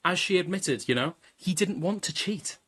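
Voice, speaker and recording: A man's voice: high voice, expressive, normal speed, a bit bright, breathy edge. A man giving crude, profane, mocking reaction commentary, laughing often as he talks.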